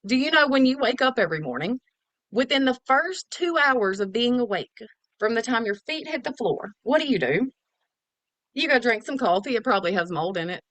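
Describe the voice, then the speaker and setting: A woman's voice: medium pitch, fairly bright tone, no room sound. A woman giving a chatty, casual product overview as a wellness promoter. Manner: chatty, salesy, casual slang.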